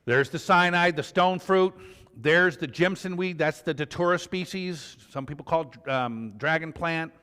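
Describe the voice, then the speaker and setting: A man's voice: on the high side, unhurried, bright, forceful tone, clean tone. A man giving a conversational medical review lecture, mixing facts with stories from his own practice. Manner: conversational, tells clinical anecdotes. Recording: lecture hall reverb.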